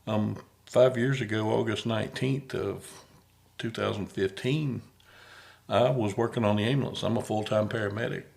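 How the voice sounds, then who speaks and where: Man, podcast host, low voice, gravelly, folksy, rambling, repeats words. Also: fairly even intonation, moderate pace, darkish tone. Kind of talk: casual conversation.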